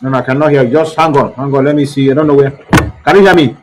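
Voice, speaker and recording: A man's voice: medium pitch, fairly even intonation, quick pace, a little mellow, poor audio. A man hosting a live online talk show, repeating himself and fussing as he tries to reach callers. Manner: repetitive, fussing over technical trouble. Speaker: host.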